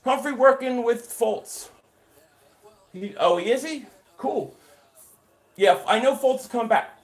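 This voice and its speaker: Host, man, higher voice, energetic play-by-play on a live stream, chats with his viewers. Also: measured pace. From Philadelphia area. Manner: excited play-by-play calling, reading and answering chat. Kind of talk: live game reaction stream.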